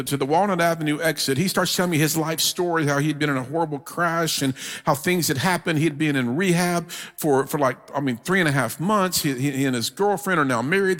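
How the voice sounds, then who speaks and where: Man, guest preacher, humorous storytelling sermon, somewhat high voice, long church-hall echo. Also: fairly bright tone.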